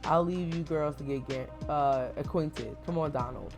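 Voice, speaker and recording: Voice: medium pitch, normal speed, over music, natural voice. A reader voicing a dry, commanding male government director who speaks with authority.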